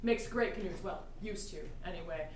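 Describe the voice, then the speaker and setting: A woman playing a flustered, stranded band member in an improvised comedy scene, rambling and now and then shouting. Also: lowish voice, normal speed, a crowd in the background, close to an everyday voice. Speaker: improv performer. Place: live theatre stage. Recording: echoey stage heard from far off with noise.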